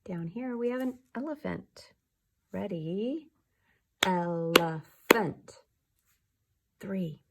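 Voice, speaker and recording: A young woman teaching a remote class for young children, slow, soft and patient, often dropping to a whisper. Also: mid-range voice, animated, creaky, slight background noise.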